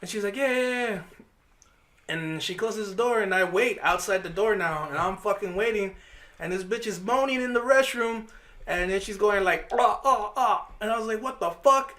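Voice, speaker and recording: A man co-hosting a podcast, telling a profane, animated story and acting out the voices of the people in it. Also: high voice, moderate pace. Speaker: podcast co-host. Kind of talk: casual storytelling chat.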